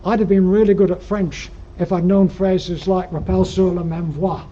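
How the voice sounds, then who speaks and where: An older Yorkshireman, a guest speaker at an alpine club, tells climbing stories in an anecdotal slide-show talk in a lecture room, rambling with dry humor and frequent ums. His voice sits high and dark, with a flat delivery at a moderate pace. The recording is dull and lo-fi, with faint noise.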